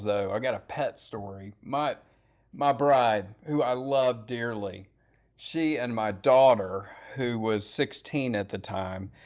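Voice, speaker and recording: A middle-aged man telling animated, blunt and profane stories in casual podcast chat. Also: medium pitch.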